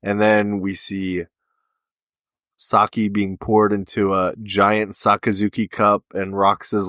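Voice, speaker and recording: A low-pitched man co-hosts a podcast in easy conversational recap mode. He walks through each scene and slips into the characters' lines as he goes. The sound is dry and close, with no room around it. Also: completely flat delivery, slow, a bit bright, no room sound. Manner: retells scenes with quoted dialogue. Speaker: podcast co-host. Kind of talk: casual recap chat.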